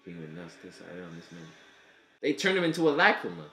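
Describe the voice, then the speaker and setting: A man's voice: low voice, fast, faint music behind. Hyped guy cussing thru an anime reaction, voice bouncing all over, roomy echo. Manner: excitable, profane, thinks aloud. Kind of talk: casual reaction commentary.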